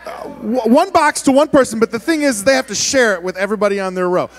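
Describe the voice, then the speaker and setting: A man preaching as a youth pastor, playfully wrangling a big room of students and often shouting. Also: extremely high pitch, quick pace, few pauses. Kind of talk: youth ministry sermon.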